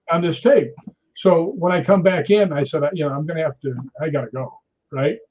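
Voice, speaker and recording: A man in his sixties, a stunt performer, telling anecdotes in a lively way, laughing often and acting out other people's lines. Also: a little high, fairly quick. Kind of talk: anecdotal storytelling. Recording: dull lo-fi recording.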